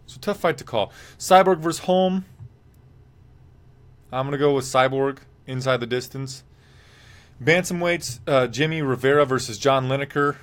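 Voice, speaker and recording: A man's voice: mid-range voice, normal speed, long pauses. Rambling man talking fight picks. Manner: rambling, reads viewer comments aloud, blunt picks. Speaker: MMA podcast host. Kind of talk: casual live-stream fight talk.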